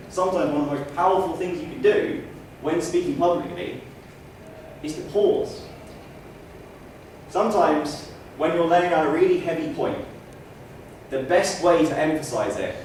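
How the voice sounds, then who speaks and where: Man lecturing on a stage, far from the mic. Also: fairly high pitch. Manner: demonstrates loud, soft, slow and fast delivery; wry asides. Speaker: public speaking trainer. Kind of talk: training speech to a live audience. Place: stage in a hall. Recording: echoey room, mic far off, faint noise.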